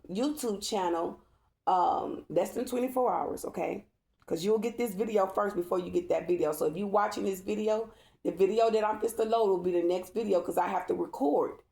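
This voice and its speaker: A woman's voice: medium pitch, warm tone. A woman tarot reader talking to her viewers in a casual vlog, emphatic and repetitive and checking in with "okay?". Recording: echoey room.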